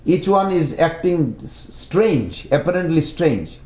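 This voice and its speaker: Guy giving a devotional talk, kinda high voice, halting english with lots of restarts, echoey room. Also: animated, darkish tone. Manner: non-native English, halting with repeated words and restarts. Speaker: speaker giving a religious class. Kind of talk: devotional lecture.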